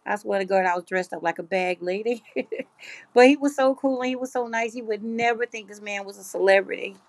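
Brisk and mid-range, with no echo, this voice belongs to a middle-aged woman hosting a live craft stream. She chats casually as she reads through her viewers' comments.

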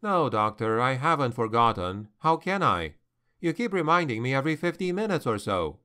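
A man's voice: fairly high pitch, lively intonation, sharp tone. A man voicing a tough, short-tempered female mercenary commander, injured, her voice a little thick from painkillers. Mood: irritated. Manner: snappish, brisk.

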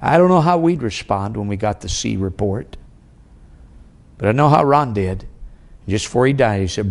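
A middle-aged man preaching a sermon as an evangelist, telling a personal story with wide swings in pitch and loudness. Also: expressive, moderate pace, gravelly, pauses often.

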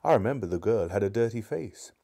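A man reading a storybook aloud, voicing a puzzled, excitable young boy in a lifted voice. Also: lowish voice, fast, vocal fry.

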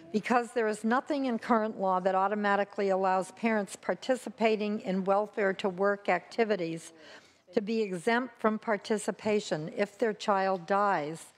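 A woman senator gives a floor speech to present a bill. She speaks plainly, with a few filler words, at a middling pitch. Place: legislative chamber.

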